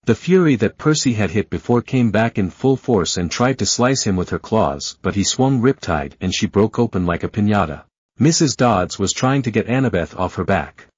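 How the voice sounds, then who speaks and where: A man narrating a fan fiction audiobook in a steady storytelling read, in a dull, dry recording. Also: fairly low pitch, moderate pace, slightly rough, dry recording.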